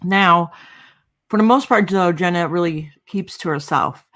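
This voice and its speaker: A woman's voice: fairly low pitch, unhurried, fairly bright tone. A woman co-hosting a casual live-stream chat, talkative and often laughing. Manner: chatty, laughing, mixes up names. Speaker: co-host of a live chat show.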